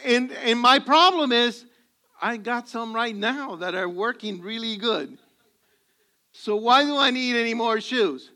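Preaching to his congregation, this pastor speaks a little slowly in a very high-pitched voice that sounds pushed and bright. His sermon is full of humorous anecdotes in which he performs the characters' lines.

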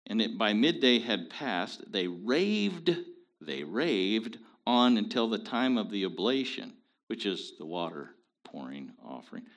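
A man leading a casual Bible study, explaining scripture in an animated, folksy, joking way. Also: on the low side, unhurried.

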